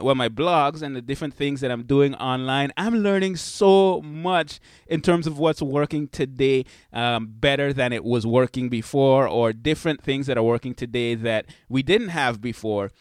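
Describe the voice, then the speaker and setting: Upbeat male podcast host, high-pitched, easygoing chatty delivery, dry close-mic sound. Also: clear, resonant tone, no room sound. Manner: upbeat, laughing often, talking to his baby son on his lap. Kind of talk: casual podcast chat. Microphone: desk microphone.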